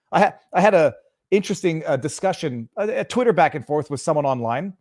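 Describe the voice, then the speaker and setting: A man's voice: high-pitched, a little mellow, slightly rough. A man hosting a political livestream, heated and sarcastic, building to outraged emphasis and then reading viewer chats. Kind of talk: impassioned political rant on a livestream.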